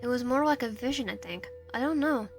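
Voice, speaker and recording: A woman's voice: fairly high pitch, animated, a little fast, music in the background. A woman streamer reading a visual novel aloud, narration and player lines, often stumbling and restarting. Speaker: game streamer.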